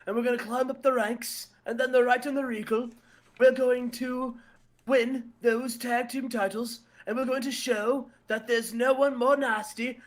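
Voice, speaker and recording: A man voicing a smug, posh male wrestler gloating over tea about his tag team. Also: very high-pitched.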